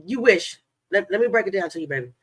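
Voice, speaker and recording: A woman's voice: mid-range voice, expressive, quick pace, husky. A woman hosting a casual live stream, talking in a sassy, blunt, taunting way straight at someone she is calling out. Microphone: webcam live stream.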